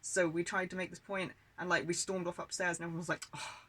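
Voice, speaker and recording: A British woman with a bright voice tells personal stories from her childhood. She talks candidly and with a grievance, swearing often and leaning on filler words. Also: on the low side, little pitch movement, fast, low-quality recording. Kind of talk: personal storytelling monologue.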